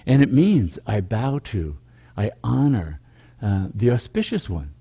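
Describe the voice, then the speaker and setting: A man leading a meditation program over a video call, speaking slowly and contemplatively in repeated rhythmic phrases. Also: lowish voice, lively intonation, mellow, breathy edge. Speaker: meditation teacher. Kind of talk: spiritual teaching talk.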